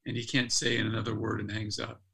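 A man's voice: fairly low pitch, level tone, a little fast, a crowd in the background, rough recording. An older man, a former athlete turned speaker, earnestly telling a personal story as a podcast guest, restarting his phrases as he goes.

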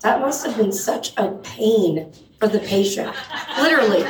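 A woman's voice: medium pitch, normal speed, crowd noise. Self-absorbed woman co-host, echoey and distant. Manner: self-absorbed, joking, urges audience to laugh. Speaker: comedy co-host. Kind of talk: comedic news banter. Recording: echoey room from far off.

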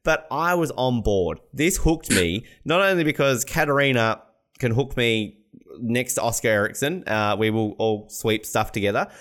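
Male podcast host, mid-pitched, chatty, jokey, rambling. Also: expressive, normal speed, a bit bright. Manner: joking, rambling, laughs often. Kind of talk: casual chat.

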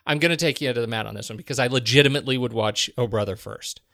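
A man's voice: mid-range voice, racing, gravelly, a bit bright, dry recording, studio quality. A man co-hosting a film podcast, bantering with wry, sarcastic humor. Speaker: podcast co-host. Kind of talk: casual film podcast chat.

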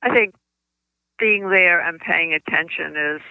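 An older woman, a children's book author, telling stories in an interview, with halting speech and frequent restarts, on slightly muffled lo-fi audio. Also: fairly low pitch, creaky, clean tone, no room sound. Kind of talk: conversational interview storytelling.

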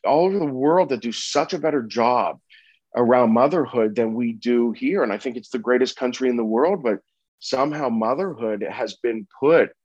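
A man in his thirties telling a personal story with earnest, halting speech full of restarts and fillers. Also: mid-range voice, darkish tone, dry recording, highs cut off. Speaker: interview guest sharing a personal story.

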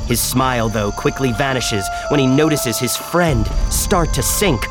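Brief: male narrator, slow solemn script reading, lively pitch, loud music underneath.

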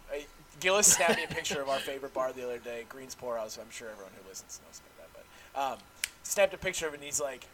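A man's voice: medium pitch, animated, quick pace, a crowd in the background. Rowdy young man telling stories. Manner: loud, laughing storyteller, swears freely. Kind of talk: casual chat.

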